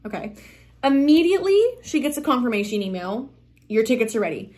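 A young woman with a slightly high voice recounts a stressful night to camera. She talks quickly and dramatically, jumping into the voices of everyone involved as she goes. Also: big pitch swings, darkish tone. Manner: dramatic, fast retelling full of quoted exclamations. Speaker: vlogger. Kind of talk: casual storytime vlog.

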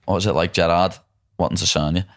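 A man's voice: deep voice, fairly even intonation, quick pace. A man with a Scouse accent hosting a casual podcast chat, slangy and chatty, saying "lad" all the time. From Liverpool, England. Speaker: podcast host.

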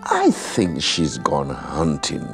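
The sensible eldest girl owl, voiced by a man reading aloud, speaking low and steady. His own gravelly voice carries her lines at a slow pace. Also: soft background music, exaggerated voice. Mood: reassuring. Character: eldest girl baby owl, calm, reassuring.

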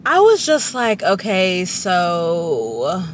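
A young woman chatting to camera from her parked car, rambling and giggly with dramatic high squeals. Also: wildly swooping pitch, drawn-out words, a little hiss or hum. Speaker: vlogger. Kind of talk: casual chat to camera.

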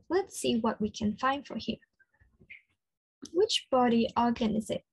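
A woman with an Australian accent leading an interactive children's lesson, slow and encouraging, full of praise. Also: high voice, husky, dry recording. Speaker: children's speech clinic presenter.

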